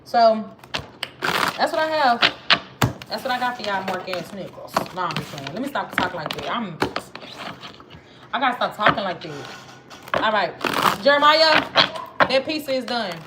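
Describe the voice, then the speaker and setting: A woman's voice: medium pitch, big pitch swings, normal speed, long pauses. A woman with a Southern accent giving a casual tarot reading, chatty and slangy, talking straight to her viewers. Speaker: tarot reader. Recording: noisy with clicks.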